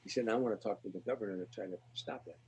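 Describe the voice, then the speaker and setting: Husky-voiced older man telling stories. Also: lowish voice, very fast. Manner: animated anecdotes, acts out quoted dialogue. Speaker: guest comedian. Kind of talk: storytelling interview.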